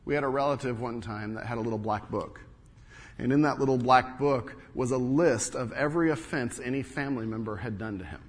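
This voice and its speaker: A middle-aged male pastor preaching with a fairly high voice. He tells stories and swings from raised, emphatic lines down to hushed ones. His voice carries a long reverb from the church hall. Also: normal speed. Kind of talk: sermon.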